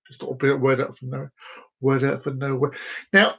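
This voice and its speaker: A man's voice: medium pitch, completely flat delivery, fairly quick, gravelly, sharp tone, slightly rough, lo-fi sound. A man hosting a casual live stream, rambling and telling groan-worthy jokes to viewers by name. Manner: chats directly to viewers by name.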